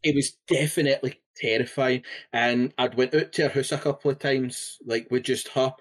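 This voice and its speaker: A relaxed man rambling through a story. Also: medium pitch, moderate pace. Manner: relaxed, rambling, sweary, full of fillers. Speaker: podcast co-host. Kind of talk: casual podcast storytelling.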